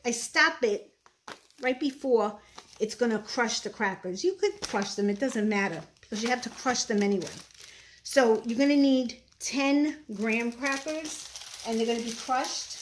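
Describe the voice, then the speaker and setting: A woman's voice: fairly high pitch, a little hiss or hum. Chatty Brooklyn woman cooking at home. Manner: chatty, opinionated, frequent fillers. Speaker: home cook. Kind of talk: casual cooking demonstration. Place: home kitchen. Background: clattering dishes and utensils.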